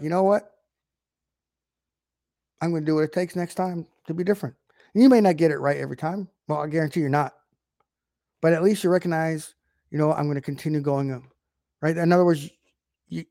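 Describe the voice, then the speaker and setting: A man's voice: fairly high pitch, a little mellow, dry recording, clean studio sound. A man giving an informal video sermon, emphatic, often checking in with rhetorical questions. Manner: emphatic, keeps asking "right?". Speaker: online preacher.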